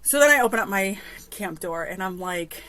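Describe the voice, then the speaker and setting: A woman in her thirties hosts a podcast and talks through a story in a loose, chatty monologue. Her pitch sits in the middle of the usual range for a woman, and her asides carry an exasperated edge. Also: animated, moderate pace, a bit bright, dry recording. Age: 30s. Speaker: podcast host.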